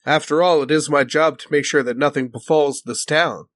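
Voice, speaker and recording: A man's voice: a little high, steady tone, brisk, fairly bright tone, dry recording, close to an everyday voice. A man voicing a polite male town guard in an improvised tabletop game, speaking formally and graciously. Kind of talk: improvised tabletop role-play.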